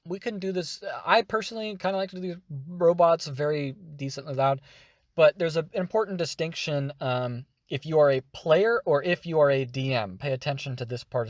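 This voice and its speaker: Energetic man teaching voice acting. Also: on the high side, dry recording, studio quality. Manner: energetic, demonstrative. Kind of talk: tutorial explanation.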